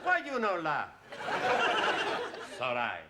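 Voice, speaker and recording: An actor playing a cheerful, boastful Spanish student in a sitcom, speaking broken English with a Spanish accent. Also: male voice, a little high, wildly swooping pitch, slow, a loud crowd, heavy background noise, heavily acted. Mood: boastful, jokey. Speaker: adult evening-class student. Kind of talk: 1970s studio sitcom acting.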